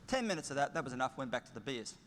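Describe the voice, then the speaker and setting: A man's voice: mid-range voice, very animated, racing, a bit bright, a little hiss or hum. A middle-aged man with an Australian accent giving a conference keynote, telling chatty, plain-spoken stories with humour. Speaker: keynote speaker. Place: large conference hall. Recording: long hall reverb.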